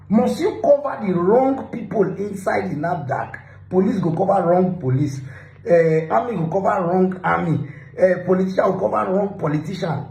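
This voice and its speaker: A Nigerian man with a fairly high, mellow voice delivers reaction commentary on the news. He sounds indignant, flips between Pidgin and English and hammers points through repetition. The recording is echoey with a faint hum behind him. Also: gravelly. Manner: indignant, mixes Pidgin with English, repeats himself for emphasis.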